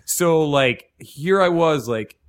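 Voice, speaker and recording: A man's voice: fairly high pitch, lively intonation, takes it slowly. A young man telling a long story in casual chat, rambling with lots of "like" and acting out what other people said. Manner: rambling, heavy on "like", acts out other people's lines. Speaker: podcast guest telling a story.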